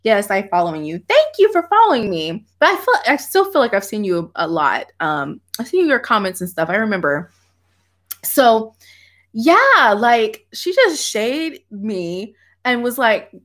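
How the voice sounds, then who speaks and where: A woman with a medium-pitched, slightly bright voice chats animatedly with viewers on a livestream from her home office. She laughs often during this casual stream chat.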